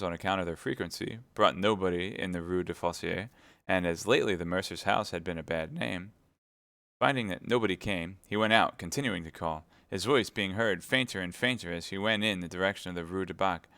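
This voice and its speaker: A man reading a classic novel aloud on a live stream, steady narration with chatty asides to viewers. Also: low voice, a little fast, no room sound.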